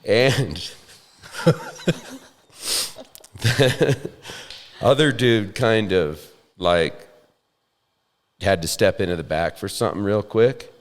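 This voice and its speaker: A man's voice: lowish voice, slow, pauses often. A man hosting a podcast, telling a funny story in a self-deprecating way with chuckles. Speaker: podcast host. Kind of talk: storytelling in casual chat. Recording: roomy with long reverb.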